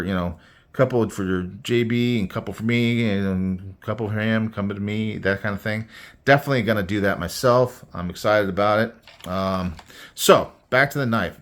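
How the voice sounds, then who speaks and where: A man's voice: low-pitched, fairly bright tone. A man chatting casually about knives and stickers in a rambling unboxing vlog, full of fillers and restarts. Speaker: knife collector vlogger.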